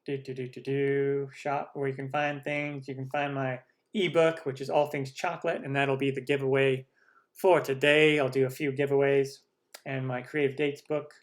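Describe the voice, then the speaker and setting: A man's voice: medium pitch, flat delivery, moderate pace. A man hosting a cooking channel live stream, chatting casually with viewers, rambling and humming while he scrolls.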